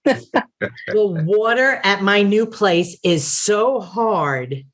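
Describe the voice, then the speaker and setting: A woman performs a stand-up set over a video call, laughing between jokes. She talks slowly, with a lively, swooping pitch. Her voice is middle-pitched for a woman. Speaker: stand-up comic. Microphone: computer mic on video call.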